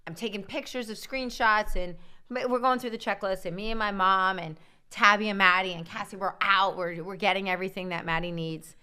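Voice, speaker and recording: A middle-aged woman co-hosting a live stream, telling family stories in an animated, casual way. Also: mid-range voice, a little fast, clear, resonant tone. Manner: animated storytelling. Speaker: co-host.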